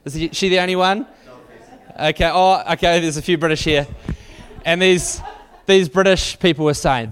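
A man's voice: a little high, moderate pace, fairly bright tone, clear, resonant tone. Wry man telling a travel story. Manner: anecdotal, wry, loose with fillers and restarts. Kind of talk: storytelling sermon.

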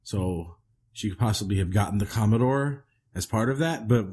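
Deadpan male podcast guest, husky voice. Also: lowish voice, moderate pace. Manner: dry, deadpan joking. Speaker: podcast guest, cast member. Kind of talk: casual podcast interview.

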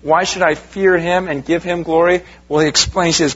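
A pastor preaches to his congregation in a slightly high, husky voice, leaning on rhetorical questions and direct appeals. He keeps the sermon conversational, speaking to the room as "you guys." The recording sounds dull and lo-fi. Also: steady tone, moderate pace, few pauses, a bit bright.

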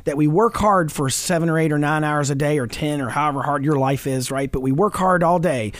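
In clean studio sound without any room sound, a middle-aged man on a Christian talk show speaks earnestly about fatherhood. His voice is on the high side and a little fast, and his manner is animated and preachy, with frequent laughter and scripture quotations.

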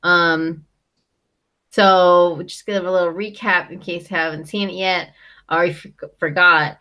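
Young woman, casual chat, low-ish voice, filler-heavy, rambling recap. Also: steady tone, measured pace, dull audio. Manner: chatty, lots of fillers like "um" and "like". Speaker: co-host recapping a reality show.

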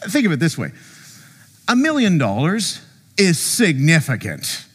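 Lively preaching man in a reverberant hall. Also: a little high, measured pace, breathy edge. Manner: animated, conversational preaching with jokes and acted quotes. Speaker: pastor. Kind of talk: sermon. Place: church sanctuary.

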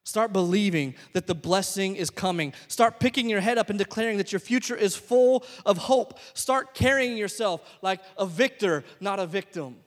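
A young adult man preaching a sermon as a pastor, swinging between loud exhortation and soft asides. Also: sits high, moderate pace, hardly any pauses, big-room sound. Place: church sanctuary.

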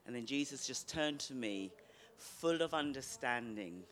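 Man, group participant, hesitant, openly moved, mid pitch. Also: expressive, fairly bright tone, slight background noise. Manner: halting, emotional, hesitant. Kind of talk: personal sharing.

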